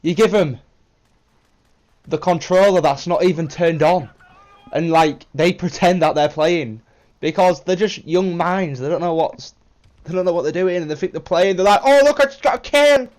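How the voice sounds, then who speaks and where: Young man, British accent, slightly high voice, casual vlog chat, rambling, casual swearing. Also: steady tone, moderate pace, darkish tone. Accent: British English. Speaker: vlogger.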